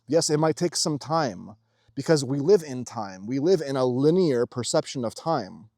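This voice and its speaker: A young man giving a casual, emphatic spiritual monologue as host of his own channel, swearing freely and shifting quickly in intensity. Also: medium pitch, expressive, darkish tone, no room sound, studio quality.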